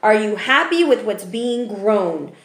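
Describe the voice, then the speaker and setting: A woman's voice: medium pitch, lively intonation, slow. A woman giving a casual tarot reading, chatty and profane, often ending remarks with "okay?". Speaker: tarot reader. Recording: roomy echo.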